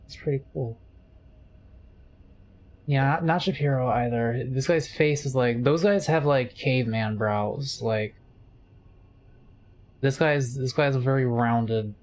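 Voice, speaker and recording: A man's voice: mid-range voice, measured pace, darkish tone. Rambling, jokey male streamer. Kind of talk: casual chat while gaming.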